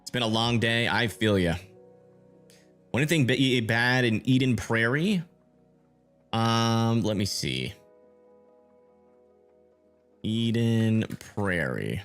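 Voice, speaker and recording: A man's voice: mid-range voice, expressive, slow, long pauses, fairly bright tone, soft background music. A man giving live storm-tracking commentary on a stream, thinking aloud and answering viewer chat as he checks radar. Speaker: livestream weather tracker.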